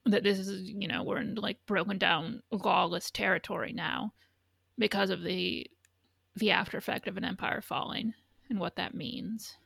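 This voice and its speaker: A woman's voice: medium pitch, fairly even intonation, normal speed, creaky, fairly bright tone, husky, dry recording, studio quality. A woman co-hosting a podcast in casual chat, rambling and swearing freely, with frequent restarts. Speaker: podcast co-host.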